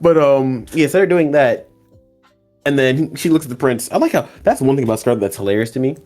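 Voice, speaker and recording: A man's voice: medium pitch, quick pace, faint music behind. A man hosting a casual anime podcast, retelling episodes and acting out characters' lines. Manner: animated storytelling, acts out characters' lines, laughs often. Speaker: podcast host. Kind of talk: casual anime recap chat.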